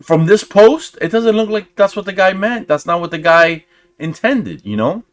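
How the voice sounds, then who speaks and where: Young male commentary host, casual, sarcastic, slangy, swinging pitch a lot. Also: normal speed. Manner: animated, sarcastic, talks in restarts and slang like "dude" and "bro".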